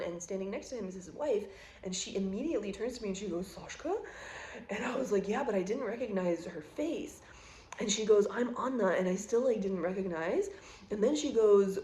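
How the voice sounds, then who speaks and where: A woman's voice: mid-range voice, dark tone. Chatty woman in her thirties, roomy echo. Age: 30s. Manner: chatty, emotional, heavy use of "like". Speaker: vlogger. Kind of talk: casual storytelling to camera.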